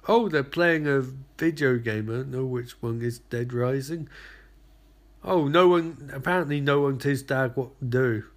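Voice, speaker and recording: A man's voice: mid-range voice, unhurried. A man recapping a TV show in sarcastic, profane commentary full of rambling asides.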